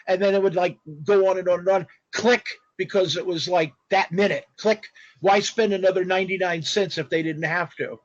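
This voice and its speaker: A man telling stories as a guest in a casual interview, animated and rambling, with spoken sound effects. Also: high voice, dry recording. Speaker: guest artist. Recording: dull lo-fi dry audio.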